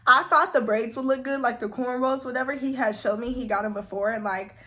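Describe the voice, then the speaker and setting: A woman's voice: on the high side, brisk, bright, forceful tone. A young woman telling a casual storytime, chatty and full of "like,". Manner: chatty, heavy use of "like". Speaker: vlogger.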